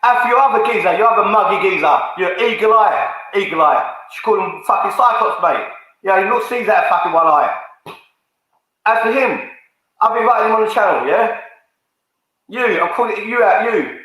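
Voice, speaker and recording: A man's voice: high voice, expressive, moderate pace, bright, forceful tone. A man ranting angrily to camera for his fan channel, swearing and calling people out. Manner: confrontational, swearing, repetitive, calls people out. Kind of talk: angry rant to camera. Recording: very echoey room.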